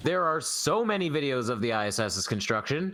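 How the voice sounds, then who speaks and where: A man's voice: medium pitch, very animated, rapid-fire, fairly bright tone. Blunt, exasperated man debunking. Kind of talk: casual panel chat.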